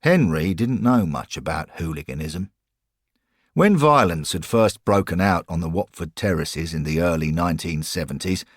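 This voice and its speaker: A man narrating a scripted audio story in a measured way. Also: sits low, dry recording, clean studio sound.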